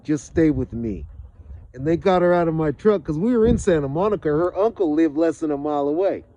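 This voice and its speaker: A man from Los Angeles telling a profane personal story with animated delivery, acting out what people said. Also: on the high side, fast, dry recording, highs cut off. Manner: lively, profane, acts out quotes.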